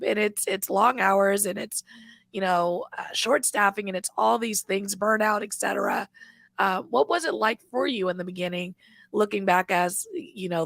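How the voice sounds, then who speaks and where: A woman hosting a podcast interview, bubbly and quick to laugh, with frequent back-channeling. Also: mid-range voice, vocal fry, fairly bright tone, no room sound. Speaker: podcast host. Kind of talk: casual interview chat.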